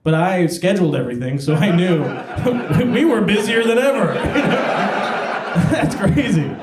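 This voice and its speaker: A man's voice: high-pitched, animated, slow, very noisy. A young man performing a self-deprecating stand-up comedy set at a party venue, often laughing at his own jokes. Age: young adult. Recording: echoey room with crowd laughter.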